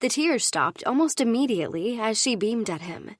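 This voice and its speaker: A woman reading a first-person audiobook, voicing each character with her own shifts in pitch. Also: lively intonation, normal speed, no echo, studio quality. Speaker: audiobook narrator.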